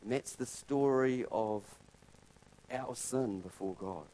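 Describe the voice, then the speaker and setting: A man preaching a sermon in a conversational way, retelling a parable with loud, lively stretches and quiet, soft points of emphasis. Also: mid-range voice, slow, poor audio.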